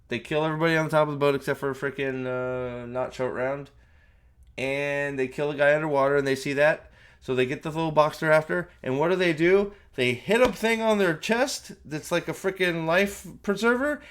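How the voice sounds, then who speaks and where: A man's voice: fairly high pitch, normal speed, fairly bright tone, smooth. A man ranting through a spoiler movie review, exasperated, profane and rambling.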